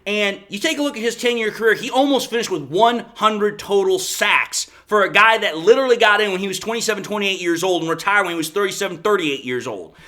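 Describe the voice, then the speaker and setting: Sports podcast host, man, high bright voice, emphatic solo commentary. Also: fast talker, hardly any pauses. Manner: emphatic, talks himself into his points.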